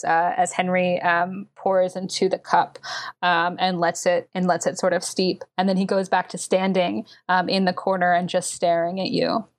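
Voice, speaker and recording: A woman running a tabletop role-playing game, narrating descriptively with many fillers. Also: on the low side. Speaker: game master.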